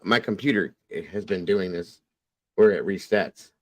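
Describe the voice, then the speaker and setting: A man's voice: sits low, normal speed, no echo. A man hosting a casual online show, muttering in frustration about his glitching computer. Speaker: podcast host. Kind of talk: casual livestream chat.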